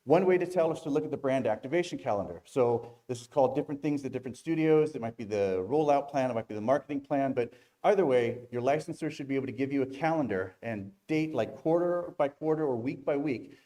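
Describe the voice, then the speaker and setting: A man giving a quick, candid industry talk on stage at a games event, with joking asides. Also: medium pitch, warm tone. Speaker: conference speaker. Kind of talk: fast-paced industry talk.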